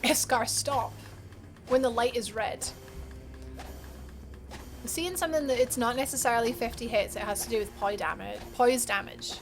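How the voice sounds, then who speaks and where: Bubbly high-voiced woman streamer. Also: normal speed, long pauses, faint music behind. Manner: chatty and bubbly, answers chat by name, laughs often. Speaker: livestreamer. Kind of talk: casual live gameplay commentary.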